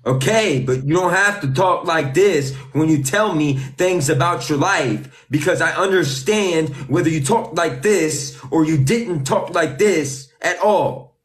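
A man's voice: a little high, measured pace, few pauses. Slangy teasing man, echoey room. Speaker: livestream host. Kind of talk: casual livestream banter. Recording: echoey room with faint noise.

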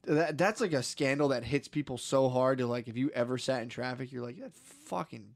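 On a podcast, a young co-host rambles through a casual story, swearing freely and acting out its characters. His middle-pitched voice holds a steady tone at a moderate pace, and the recording is dry and close with no room sound.

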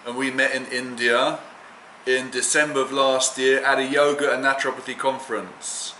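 A man introducing himself calmly to a friend's grandmother on camera. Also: medium pitch, normal speed, reverberant, a little hiss or hum, rough recording.

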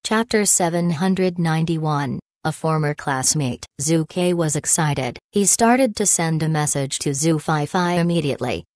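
A woman narrating an audiobook in an even, unhurried reading voice. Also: low-pitched, dry recording, clean studio sound. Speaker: audiobook reader. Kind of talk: scripted narration.

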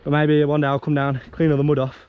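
A young man with a British accent, chatting excitedly as he vlogs at outdoor dirt jumps. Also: on the high side, quick pace, narrow, tinny audio. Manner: excitable, chatty, exclaiming often. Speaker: vlogger. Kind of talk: casual vlog chat. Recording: outdoor noise, nearby traffic.

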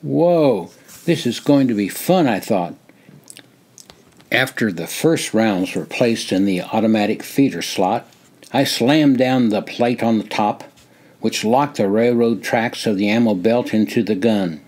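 An older man narrating his own memoir in a measured, plain storytelling voice. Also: lowish voice, a little mellow. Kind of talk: reading a personal memoir.

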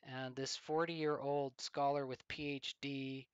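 A man of middle pitch tells a long illustrative story as commentary. He speaks deliberately and leans on rhetorical questions. The sound is dry and close. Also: little pitch movement, smooth, no echo, highs cut off.

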